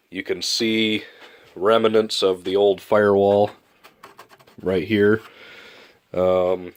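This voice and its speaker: A man with a deep, low voice, clogged up and nasal from a stuffy nose. He talks through his hobby build in a loose, rambling way, full of fillers. It sounds like a casual vlog update. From Michigan. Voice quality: nasal, congested. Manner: relaxed, rambling explanation with fillers. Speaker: model airplane builder.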